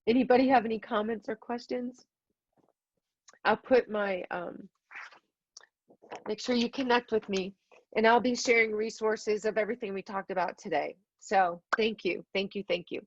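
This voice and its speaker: A woman's voice: mid-range voice, steady tone, measured pace, pauses often, no room sound. A middle-aged woman giving a heartfelt keynote talk to teachers over a video call, earnest and emotional, repeating phrases for emphasis. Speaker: keynote speaker. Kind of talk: heartfelt virtual conference talk. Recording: dry, slightly dull video-call audio.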